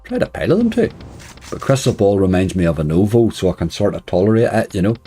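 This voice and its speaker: His voice is lowish with big pitch swings, and he talks fast over soft background music. During a live stream he greets viewers and jokes wryly while playing, softly laughing at his own lines.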